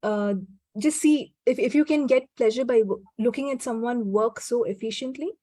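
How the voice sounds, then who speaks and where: Mellow-voiced woman talking reflectively. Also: on the high side, moderate pace, no room sound. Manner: reflective, frequent restarts and soft laughs. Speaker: guest. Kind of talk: casual conversation.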